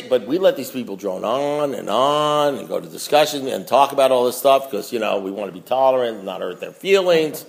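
A man speaking at a recovery meeting in a mid-pitched voice. He talks bluntly and emphatically and repeats phrases for emphasis, dropping into low asides and then rising into loud preaching. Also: lively intonation, brisk, creaky, hardly any pauses. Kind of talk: recovery meeting talk reading from a book.

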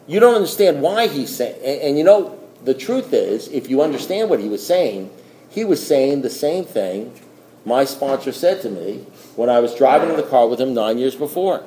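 A man's voice: mid-range voice, very animated, normal speed, mellow, reverberant, a little hiss or hum, rough recording. A middle-aged man giving a personal recovery testimony at a meeting, telling stories and acting out dialogue, laughing often.

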